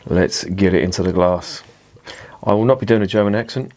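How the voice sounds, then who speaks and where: A man's voice: deep voice, a little fast, darkish tone. A man casually reviewing a beer at home, chatty and self-mocking, swearing freely. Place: indoors at home with curtains drawn.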